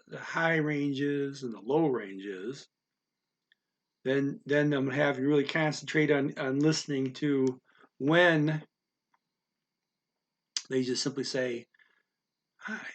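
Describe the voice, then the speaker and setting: A man teaching the tones of Mandarin in a casual spoken lesson, unhurried and halting, stopping to demonstrate with exaggerated high and low sounds. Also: steady tone. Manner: unhurried, halting with fillers and restarts.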